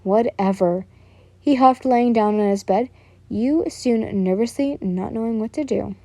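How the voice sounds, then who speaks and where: Woman reading fan fiction aloud, mellow, slightly high, stumbling, self-correcting, dry close mic. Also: normal speed, no room sound. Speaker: storyteller.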